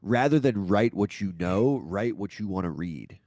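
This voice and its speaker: A man's voice: on the low side, expressive, moderate pace, darkish tone, no echo, clean studio sound. A man hosting a podcast, asking questions in a friendly, affirming way with some hesitation. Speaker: podcast host. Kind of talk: casual interview talk.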